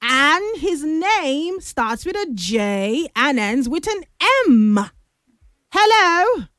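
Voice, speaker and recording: Woman, radio host, high lively voice, unhurried teasing delivery, dry close mic. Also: no echo. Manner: lively, teasing, drawn-out emphasis. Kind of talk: playful call-in radio chat. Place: radio studio.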